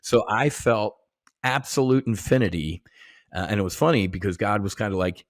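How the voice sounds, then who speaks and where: A middle-aged man from the United States, speaking as a podcast guest in a somewhat low voice. His storytelling is loose and animated, full of slang, swearing and restarts. The recording is dry, with no room sound. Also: normal speed, dry recording. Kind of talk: casual conversation.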